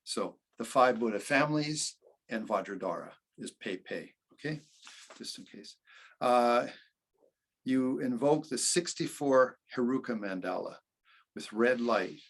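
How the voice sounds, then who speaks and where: Man, meditation teacher, husky and gravelly, loose conversational delivery. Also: medium pitch, lively intonation, a little slow. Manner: conversational, with many restarts and "okay". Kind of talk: casual spoken commentary.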